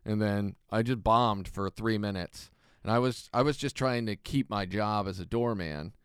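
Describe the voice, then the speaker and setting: A man's voice: fairly low pitch, normal speed, clean tone, dry recording, clean studio sound. A young man from Kansas, a comedian in casual chat, self-mocking as he acts out old stage stories.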